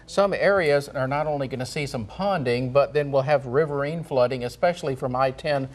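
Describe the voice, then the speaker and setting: A man giving a local TV weather forecast in a relaxed, folksy way. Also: medium pitch, a little fast. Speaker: TV meteorologist.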